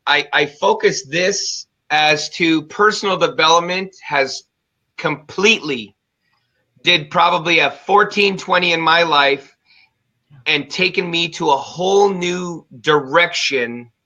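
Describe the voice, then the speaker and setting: A man hosting an interview, talking in an emphatic, fired-up and energetic way. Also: fairly high pitch, takes it slowly. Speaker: show host. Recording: dull lo-fi sound.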